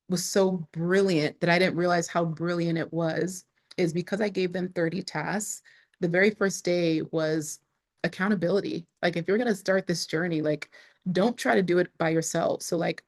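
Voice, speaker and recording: A woman being interviewed, telling her story in a casual, expressive way with lots of fillers, sometimes close to tears. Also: on the low side. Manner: expressive, frequent "like" fillers, rises sharply when excited. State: emotional, near tears at times. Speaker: entrepreneur guest.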